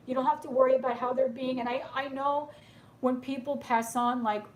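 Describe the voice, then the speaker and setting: A woman with a slightly high voice gives a gentle, reassuring tarot reading, often pausing to ask "okay?". She sounds tearful and emotional, her voice soft and consoling. A faint background noise sits behind her. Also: fairly even intonation. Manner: soothing, reassuring, keeps asking "okay?". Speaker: tarot reader. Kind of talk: live tarot reading to viewers.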